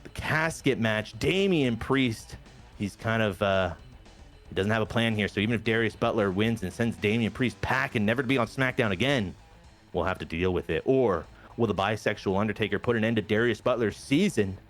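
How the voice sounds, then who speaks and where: Guy with a lowish voice narrating his wrestling game save, animated, faint music behind. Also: normal speed. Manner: animated storyteller, briefly acting out wrestlers' lines. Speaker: game show host narrating a wrestling sim. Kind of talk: casual narrated commentary.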